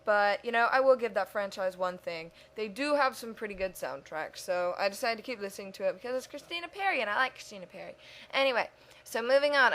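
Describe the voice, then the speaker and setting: A woman's voice: fairly high pitch, a bit bright. A woman giving a casual, rambling voice-over for her speed-drawing video, chatty and self-mocking, talking to herself as she goes. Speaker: video creator.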